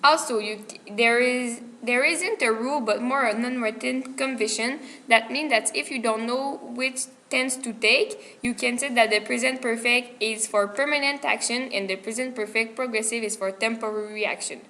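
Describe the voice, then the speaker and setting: Brief: woman student presenter, slightly high and bright voice, careful, somewhat stilted reading of a grammar lesson. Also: moderate pace, few pauses. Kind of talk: reading a prepared grammar explanation.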